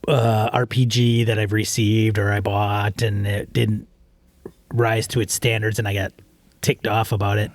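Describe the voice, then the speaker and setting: Measured, reflective male co-host. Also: mid-range voice, no room sound. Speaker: podcast co-host. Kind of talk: casual chat.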